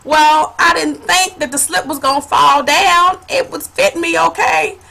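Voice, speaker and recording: A woman vlogger telling a funny personal story in a casual, animated way, laughing and calling her viewers honey. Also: very high voice, a little slow, gravelly.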